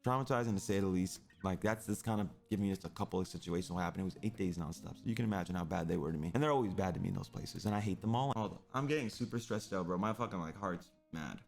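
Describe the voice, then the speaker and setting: A man's voice: deep voice, very fast, vocal fry, hardly any pauses. A young man who streams, telling a personal story in an intense, rambling way that is full of swearing.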